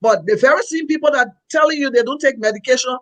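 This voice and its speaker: A man's voice: extremely high pitch, fast talker, poor audio. A man, a pastor co-hosting a talk show, speaking earnestly in a preachy, repetitive way. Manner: earnest, preachy, repeats himself. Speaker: pastor and co-host. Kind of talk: opinionated talk-show commentary.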